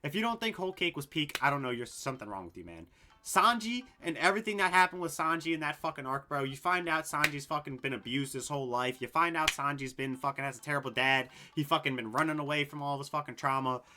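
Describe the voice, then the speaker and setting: A young man casually ranking anime story arcs, excitable and rambling, swearing a lot and full of fillers. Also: a little high, fast talker. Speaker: anime video host.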